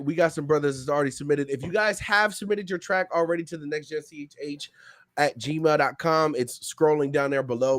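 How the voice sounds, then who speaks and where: A man's voice: fairly high pitch, dry recording, studio quality. A man hosting a music review livestream, talking in casual slang and laughing often.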